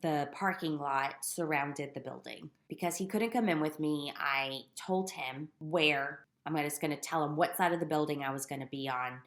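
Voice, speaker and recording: A woman's voice: deep voice, fairly bright tone, reverberant. A young woman candidly telling her personal story on a podcast, with self-deprecating humor. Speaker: guest sharing her story.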